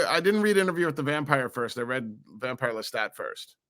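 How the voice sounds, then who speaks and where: A man in his forties from New Jersey, a podcast guest telling stories in an animated, rambling way with many restarts. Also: medium pitch, brisk. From New Jersey, USA. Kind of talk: casual interview storytelling.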